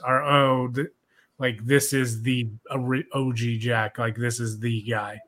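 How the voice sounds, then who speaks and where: A man's voice: mid-range voice, little pitch movement, unhurried, a bit bright. Young male podcast host, casual and profane, loose rambling delivery. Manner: profane, laid-back, rambling with many "like"s.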